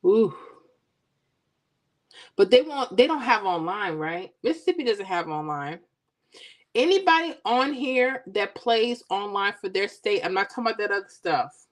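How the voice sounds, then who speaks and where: A woman hosting a casual livestream, chatting with viewers and teasing them in a playful, animated way. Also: mid-range voice, normal speed. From Florida. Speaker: livestream host. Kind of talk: casual chat with live viewers.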